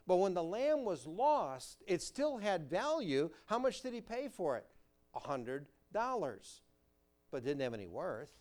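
A man delivers a sermon from the pulpit. His voice sits a touch higher than most men's, and he rises into emphatic peaks before dropping to near-hushed lines. He reads scripture in a measured preaching cadence. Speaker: pastor.

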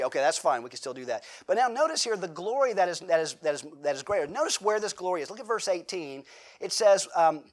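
High-voiced American pastor preaching conversationally. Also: male voice, big pitch swings, fast talker. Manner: conversational preaching with rhetorical questions and acted-out quotes. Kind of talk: sermon.

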